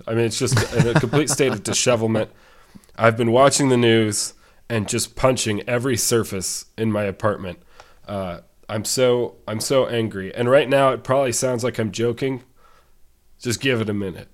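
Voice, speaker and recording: A congested man co-hosting a podcast, sounding under the weather. He rants with sarcastic, over-the-top exaggeration in a mid-pitched voice. The talk is loose and casual. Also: normal speed. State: sick and congested. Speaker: podcast co-host. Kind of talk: casual ranting chat.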